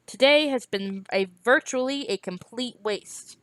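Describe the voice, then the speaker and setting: A woman's voice: on the high side, measured pace, a bit bright, no room sound. A woman reading as a cool, haughty male scholar. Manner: cool, clipped and formal. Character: stiff, haughty male scholar-mage, cold and fussy. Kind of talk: reading a novel aloud.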